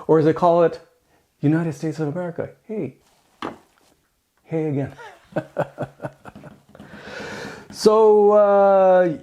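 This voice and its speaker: A man hosting his channel, giving a casual, rambling opinion talk with jokes and asides. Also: fairly high pitch. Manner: animated, joking, rambling with asides. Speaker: channel host.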